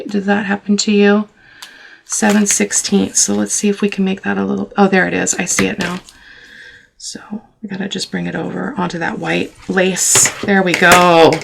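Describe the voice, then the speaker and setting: Low gravelly lady doing a chatty craft tutorial, noisy room, paper crinkling. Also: fairly bright tone. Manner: chatty, talks to viewers while working, self-teasing. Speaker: craft channel host.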